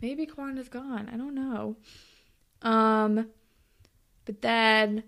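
Gravelly young woman, animated recap chat. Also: fairly high pitch, drawn-out words. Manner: animated, acts out quotes with big swings, swears freely. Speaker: podcast co-host recapping a TV episode. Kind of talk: casual chat.

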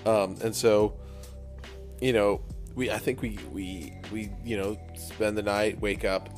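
Lively young man telling a story. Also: fairly low pitch, slow pace, faint music behind. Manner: animated storyteller, acts out his younger self. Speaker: podcast co-host. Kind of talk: casual chat.

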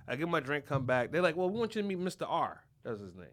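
Fast and barely pausing, this Philadelphia man's voice sits on the high side. Hosting a podcast, he spins an animated, profane yarn in a casual way, voicing the people involved.

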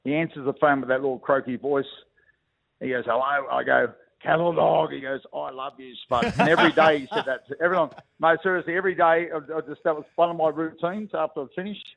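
A man's voice: on the high side, fairly even intonation, fast, gravelly. A middle-aged Australian man, a former rugby league player, chatting matily as a phone-in guest on the radio. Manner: matey, calls everyone "mate", reminiscing. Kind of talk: casual radio chat over the phone. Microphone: telephone. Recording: tinny phone line.

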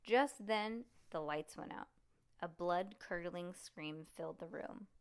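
A woman reading a storybook aloud to a child in a lively, expressive way. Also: lowish voice, slow pace, clean tone.

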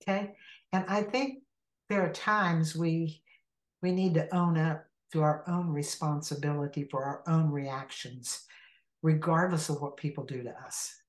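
Woman, somewhat low voice, animated storyteller, inner healing minister, echoey room. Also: measured pace. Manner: animated storyteller who acts out the people in her stories. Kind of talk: storytelling in a conversational interview. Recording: roomy echo.

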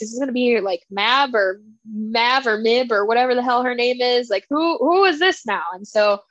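A young woman co-hosting a book podcast, chatting casually and quoting characters with animated voices. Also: fairly high pitch, moderate pace, dry recording. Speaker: podcast co-host. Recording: dull, dry, lo-fi sound.

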